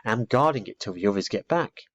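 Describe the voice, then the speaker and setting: A man's voice: on the low side, animated, a bit bright. A man voicing a cheerful, confident young boy scout in a storybook reading. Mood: enthusiastic. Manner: brisk, confident. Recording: dull lo-fi recording.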